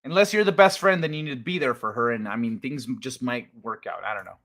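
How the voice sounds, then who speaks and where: A man's voice: medium pitch, fast talker, a bit bright. A man hosting a casual livestream from home on a desk mic, reading chat aloud and joking crudely, rambling with restarts. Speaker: livestream host. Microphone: desk microphone.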